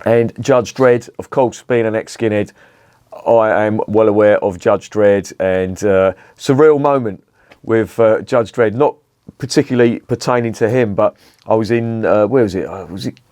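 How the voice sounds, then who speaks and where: Blunt London man with a low voice. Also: moderate pace, a little mellow, dry recording, studio quality. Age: middle-aged. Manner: blunt, rambling, swears freely. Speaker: beer reviewer. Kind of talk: casual vlog chat.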